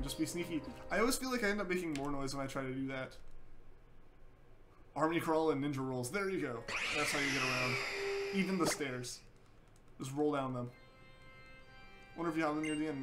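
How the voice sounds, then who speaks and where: A man's voice: on the high side, normal speed, pauses often. A young man streaming a game live, chatting casually and reading out viewer messages in an easygoing way with lots of fillers. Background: game music playing.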